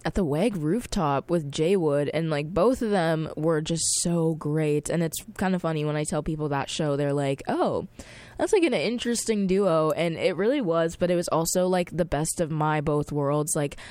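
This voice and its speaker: Young woman radio host, twenty, slightly low voice, slangy excitable chat, dry close mic. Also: smooth, no echo. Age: 20s. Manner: chatty, lots of fillers and slang, excitable. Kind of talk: casual on-air chat.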